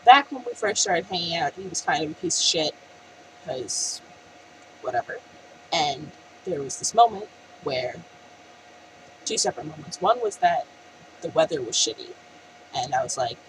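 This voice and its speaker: A young adult woman telling a story in a casual, profane and animated vlog rant. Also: low-pitched, moderate pace, long pauses, a little hiss or hum, poor audio. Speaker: vlogger.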